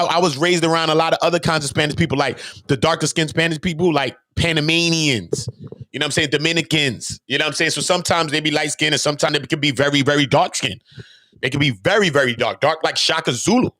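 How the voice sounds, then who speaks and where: A man vlogging in an animated, emphatic way, full of rhetorical questions and street slang, his voice rising loud and high, then dropping low and quiet. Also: no room sound, studio quality. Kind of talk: casual talking-head commentary.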